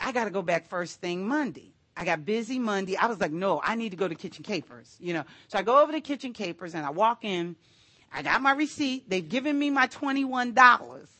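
A woman preaching a sermon, telling a personal story in a chatty, animated way with asides to the congregation. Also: mid-range voice, no echo.

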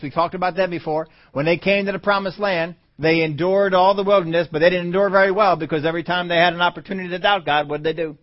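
A man preaching with strong emphasis, now and then mimicking the voices of doubters. His voice sits a little high for a man. The recording is dull and lo-fi, like archived church audio. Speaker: pastor. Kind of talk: sermon.

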